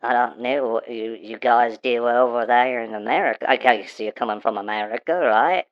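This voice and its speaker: A man's voice: medium pitch, moderate pace, voice pushed up, close to an everyday voice. Brief: rude Aussie talking dog, male, says mate a lot, dull phone-line sound, a man doing the voice. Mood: boastful. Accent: put-on Australian. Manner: rude, slangy, calls listener mate. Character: crude beer-drinking Australian talking dog, male.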